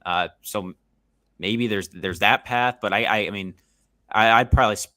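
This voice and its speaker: A man appearing as a guest on a sports podcast, talking in a measured way and thinking aloud with lots of fillers. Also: fairly low pitch, sharp tone, no room sound. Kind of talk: casual sports podcast chat.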